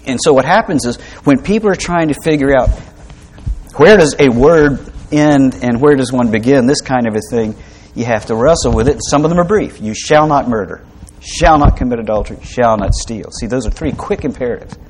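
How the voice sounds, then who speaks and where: A man preaches with a mid-pitched voice, explaining scripture in a relaxed, conversational way. He drops in light humor and rhetorical questions, and often pauses with fillers and restarts. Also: a little hiss or hum. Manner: conversational teaching with asides and humor. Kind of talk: sermon.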